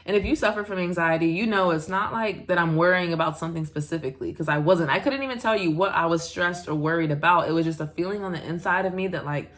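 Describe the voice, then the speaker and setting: A woman's voice: lowish voice, quick pace, hardly any pauses, fairly bright tone. A young American woman from the United States, narrating a casual travel vlog in a chatty way with frequent fillers and little laughs. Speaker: vlogger.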